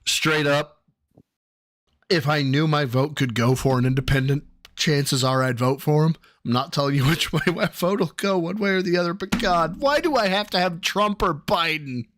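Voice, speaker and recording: A male streamer with a slightly high voice hosts a loose reaction chat. He swears freely and acts out his exasperation, and he often bursts out loudly. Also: normal speed. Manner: profane, theatrical and exasperated, with loud outbursts. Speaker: host.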